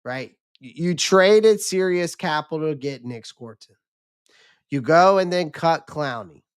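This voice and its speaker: Rambling male livestream host, smooth voice. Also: a little high, animated, measured pace. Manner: loose, rambling, with many restarts and fillers. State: losing his voice. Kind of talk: casual livestream commentary.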